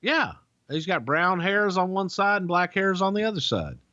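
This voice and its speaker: A man hosting a casual chat, telling stories in a loose, profane, animated way. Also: high voice, normal speed, dry recording, dull audio. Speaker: podcast host.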